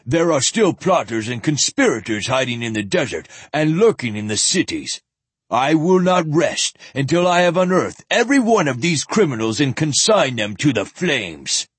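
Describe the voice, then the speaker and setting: Man doing a pompous, shrill zealot Ulsum. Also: big pitch swings, moderate pace, breathy edge, no echo. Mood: shrieking. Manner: arrogant and blustering, rising to a half-shriek. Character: pompous, shrill, self-important male zealot.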